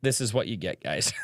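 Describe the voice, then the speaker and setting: A man's voice: medium pitch, fairly bright tone, no room sound, clean studio sound. A young man hosting a casual livestream podcast, telling stories and reading chat comments aloud as he talks. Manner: chatty storyteller, reads chat aloud.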